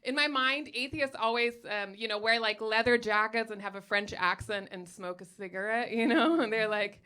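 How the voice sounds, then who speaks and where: A young woman from Germany doing stand-up on a comedy stage, sardonic and chatty, padding her lines with ums and likes. Her voice is bright and forceful and sits a little high. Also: normal speed, hardly any pauses, smooth. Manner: sardonic, chatty, many ums and likes, laughs at own jokes. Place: comedy stage before a live audience.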